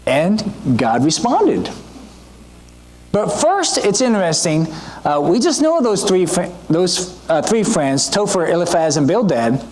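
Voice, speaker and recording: A man preaching a sermon in a conversational, animated way, often checking in with his listeners. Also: high voice, a little slow, a little hiss or hum. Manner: conversational, asks the audience questions; animated teaching delivery with frequent asides.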